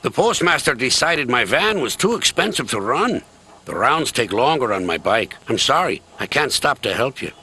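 A man's voice: mid-range voice, big pitch swings, normal speed, bright, forceful tone, breathy edge, heavily acted. A man playing a friendly, cheerful middle-aged male postman in a TV story, speaking in a homely, good-natured way over music.

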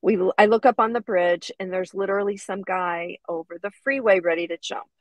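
A woman's voice: medium pitch, a little fast, no room sound, poor audio. A middle-aged woman co-hosting a casual talk show, who tells a personal story in a chatty way and retells what people said. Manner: chatty, laughs easily, retells quotes. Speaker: co-host.

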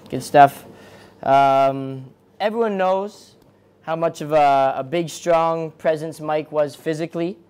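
A man's voice: on the high side, a little mellow, clean tone. Man reading a casual eulogy from notes. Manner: casual, reads from notes, many fillers. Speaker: eulogy speaker. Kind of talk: memorial eulogy.

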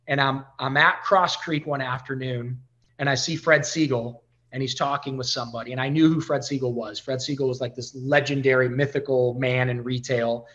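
A man talking as a podcast guest, telling stories in an animated way and acting out the dialogue. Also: mid-range voice, moderate pace, dull audio. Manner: animated storyteller who acts out quoted dialogue. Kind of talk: casual storytelling interview.

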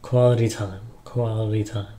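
A young man giving casual relationship advice in a relaxed, rambling way, with lots of ums and you-knows. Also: on the low side, moderate pace. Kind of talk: casual advice talk to camera.

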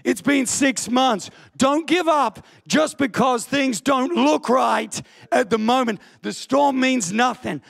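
A man preaching an impassioned sermon in church, often bursting into shouts. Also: very high voice, slow pace, gravelly. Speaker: pastor. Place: church hall.

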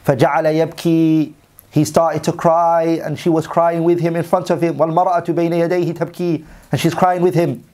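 A man's voice: on the high side, little pitch movement, fast, a little mellow. A man teaching a religious story as a sermon, reading Arabic passages and then translating and repeating them in English. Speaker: Islamic teacher.

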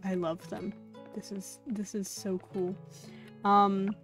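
A woman streamer chatting casually while she plays a game, easily excited, cooing at characters and now and then swearing. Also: medium pitch, takes it slowly. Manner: excitable, gasps and coos, swears lightly. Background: faint game music.

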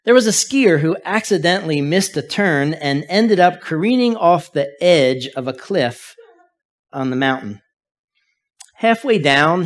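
Higher-voiced man preaching a sermon. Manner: storytelling, varies loudness for emphasis. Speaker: pastor.

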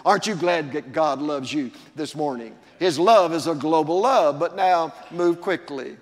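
A man's voice: on the high side, normal speed, few pauses. An older man preaching a sermon as pastor, drawing out key words and building emphasis. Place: church sanctuary. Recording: long church reverb.

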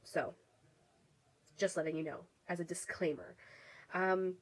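A woman's voice, slightly low and audibly congested from a cold, carries a relaxed beauty review. She rambles in a friendly way, restarting sentences and leaning on ums, like casual vlog talk to camera. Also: unhurried, low-quality recording. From Canada. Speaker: beauty vlogger.

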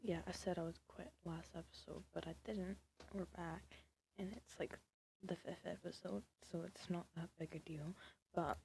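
Woman chatting thru a sim game, sarcastic, gravelly voice, keeps whispering at the characters. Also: fairly low pitch, a little mellow, a little hiss or hum. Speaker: gaming video creator. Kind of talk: casual gameplay commentary.

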